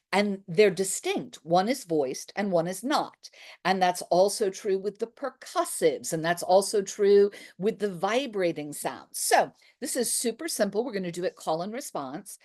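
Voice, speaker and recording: A woman theatre teacher leading a workshop, calling out crisp exaggerated articulation drills for the group to repeat. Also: medium pitch, darkish tone. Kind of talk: workshop instruction with call and response.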